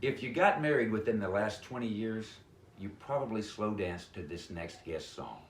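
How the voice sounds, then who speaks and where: A man's voice: fairly low pitch, animated, moderate pace. A male announcer introducing guests in a showman-like way. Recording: echoey room, faint noise.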